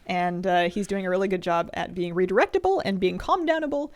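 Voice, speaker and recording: A woman's voice: on the low side, brisk. A woman streamer chatting casually, rambling and affectionate, often restarting her sentences. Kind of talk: casual chat.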